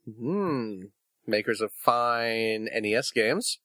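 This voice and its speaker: A man in his thirties co-hosting a casual podcast chat, animated and jokey, laughing often. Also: medium pitch, takes it slowly, no echo. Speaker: podcast co-host.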